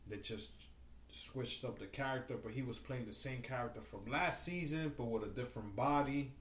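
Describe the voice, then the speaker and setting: A man's voice: mid-range voice, moderate pace, fairly bright tone, roomy sound, slight background noise. A man co-hosting a podcast in casual chat, joking crudely and swearing freely. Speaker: podcast co-host.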